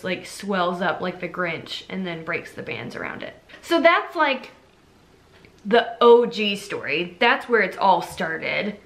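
A woman's voice: fairly low pitch, a bit bright. A young adult woman retelling a fairy tale for a movie review vlog, chatty and full of fillers. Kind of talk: casual storytelling review.

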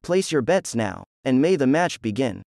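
A man's voice: medium pitch, sing-song, moderate pace, vocal fry, darkish tone, no echo, studio quality. A man voicing a showy male arena announcer addressing a crowd. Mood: hyping.

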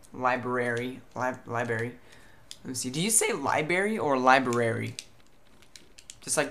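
A young man from Southern California chatting casually to camera in a rambling, animated vlog about his day. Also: medium pitch, slight background noise. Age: young adult. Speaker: vlogger.

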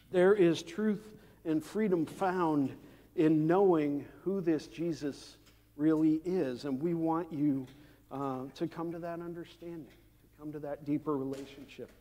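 A man preaching a sermon as pastor, measured and unhurried, with frequent "uh" fillers and the odd dry aside. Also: fairly high pitch, mellow. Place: church sanctuary. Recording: long church hall reverb.

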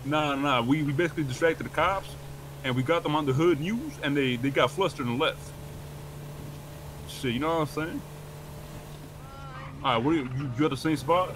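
A man's voice: a little high, background noise. A man role-playing in character, teasing and full of street slang. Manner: fast, slangy, teasing banter. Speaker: game role-player. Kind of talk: in-character role-play chat.

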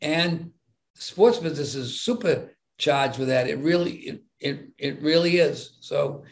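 High-voiced, emphatic older man. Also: lively intonation, a little slow, vocal fry. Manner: emphatic, repeats words and restarts, acts out little dialogues. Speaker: podcast guest. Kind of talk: animated podcast conversation.

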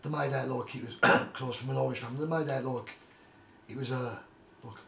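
Fast-talking middle-aged boxer in an echoey room. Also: male voice, mid-range voice, steady tone, creaky, a bit bright. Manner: rambling, fond of "like I say" and "do you know what I mean". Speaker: retired journeyman boxer, guest. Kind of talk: casual interview storytelling. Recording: roomy echo, faint background noise.

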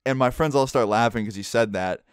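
A young man casually telling a story to his vlog audience, relaxed and chatty with plenty of "like" fillers. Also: medium pitch, brisk, clean tone, dry recording, studio quality. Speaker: vlogger.

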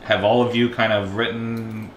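A man interviewing a band for an oral history and asking measured, thoughtful questions. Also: fairly low pitch, level tone. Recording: roomy echo with faint background noise.

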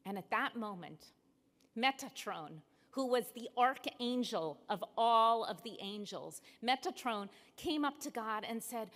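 A woman rabbi preaching a sermon in a synagogue sanctuary, measured and emphatic with deliberate pauses. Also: fairly high pitch, lively intonation, a bit bright. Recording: long hall reverb in a sanctuary.

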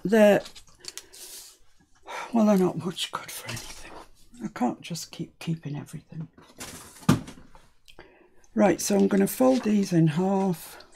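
A woman's voice: mid-range voice, slow pace, creaky, pauses often, noisy background. A British woman hosting a crafting tutorial, chatting and thinking aloud as she works. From United Kingdom.

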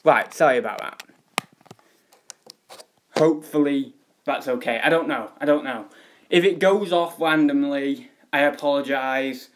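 A man's voice: fairly high pitch, a little slow, long pauses. A young man chatting casually on a home live stream, rambling with many fillers.

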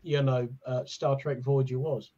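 Husky man on a muffled mic. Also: medium pitch, flat delivery, measured pace, warm tone. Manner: sweary, jokey storytelling. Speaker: game player on a stream. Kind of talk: casual chat.

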